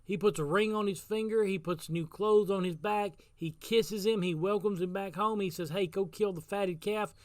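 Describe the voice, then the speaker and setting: A man's voice: high-pitched, normal speed, hardly any pauses, no room sound. A man giving a casual devotional talk as pastor, telling a story in an earnest way and repeating phrases for emphasis.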